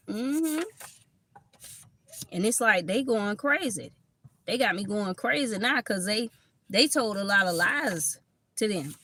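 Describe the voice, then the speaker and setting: A woman's voice: mid-range voice, lively intonation, takes it slowly, long pauses, a bit bright, a little hiss or hum. A woman with a Southern accent that mixes Kentucky and Florida, giving a casual tarot reading and chatting with lots of laughter and swearing. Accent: Southern US, Kentucky mixed with Florida. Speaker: tarot reader.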